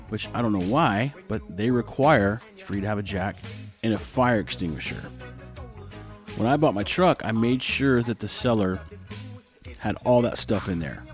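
Man telling stories, faint music behind. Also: lowish voice. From Texas, US. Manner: animated, acts out both sides of dialogue. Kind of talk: casual storytelling.

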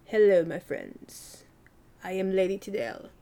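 Lady doing a weird raspy british lady voice, slow and formal. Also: medium pitch, dark tone, lightly acted. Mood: grand. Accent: put-on British. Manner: slow, stately greeting. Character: raspy, awkward English lady, formal and odd.

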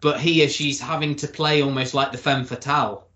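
A man's voice: medium pitch, steady tone, moderate pace, pushed and bright. A man hosting a TV review podcast, chatting casually with chuckling asides. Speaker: podcast host. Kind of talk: casual chat. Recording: roomy echo.

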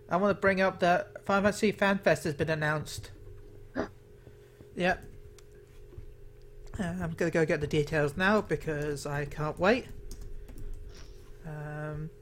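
High-voiced English man chatting. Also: a little hiss or hum. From England. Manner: chatty, laughs easily, rambling restarts. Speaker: podcast co-host. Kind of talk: casual chat.

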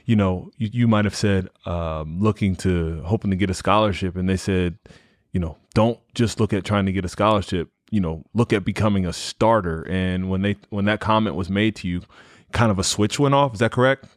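A man's voice: sits low, a little fast, no echo, clean studio sound. A man hosting a podcast who asks his question hesitantly, searching for the words. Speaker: podcast host. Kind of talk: interview question.

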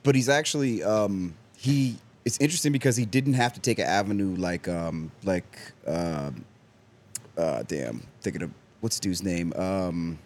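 A man's voice: deep voice, lively intonation, measured pace. An American man co-hosting a casual podcast, talking loosely with lots of fillers and slang. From United States. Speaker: podcast co-host.

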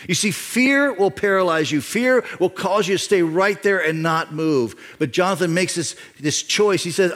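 A middle-aged man preaching a sermon as a pastor, emphatic, repeating key phrases and swinging between loud and quiet. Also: on the high side, expressive, normal speed, hardly any pauses. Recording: reverb of a large hall.

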